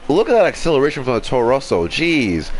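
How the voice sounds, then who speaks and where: A man commentating an online racing game, excitable and tripping over his words. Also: medium pitch, fast talker, slight background noise. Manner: excitable, stumbles and repeats words. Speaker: race commentator.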